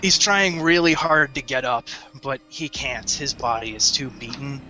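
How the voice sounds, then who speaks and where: A man narrating a tabletop game as game master in a descriptive, halting way. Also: mid-range voice, sharp tone, muffled recording, faint music behind.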